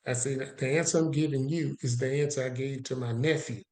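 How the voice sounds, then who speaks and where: A man's voice: medium pitch, brisk, reverberant. A man telling a personal story as a guest on an interview podcast, acting out both sides of the conversation. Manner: animated storyteller who acts out both sides of a dialogue.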